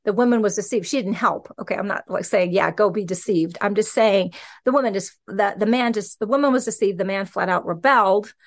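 A woman's voice: medium pitch, fairly quick. A woman teaching scripture in a casual, conversational way, often checking in with "okay" and "right.". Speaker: podcast teacher.

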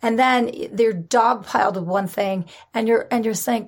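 A woman preaching a sermon in an animated, conversational way, with dramatic emphasis and laughter. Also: a little high, normal speed, hardly any pauses.

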